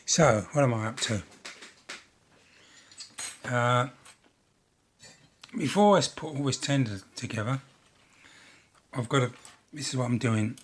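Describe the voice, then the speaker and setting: A man's voice: medium pitch, measured pace, pauses often, a little hiss or hum. A man hosting a model railway channel, narrating his build in a rambling, casual way with jokey, self-deprecating asides.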